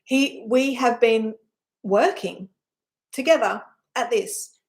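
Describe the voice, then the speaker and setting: A woman's voice: on the high side, takes it slowly. A woman giving a personal spiritual talk, telling her story in a heartfelt, rambling way with sighs, often checking in with "right?". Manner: earnest, emotional storytelling with sighs. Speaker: spiritual teacher.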